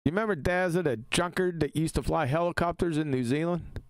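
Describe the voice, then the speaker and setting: A man's voice: a little high, a little fast, no echo. A man hosting a casual live stream, talking in an emphatic, argumentative way and laughing easily.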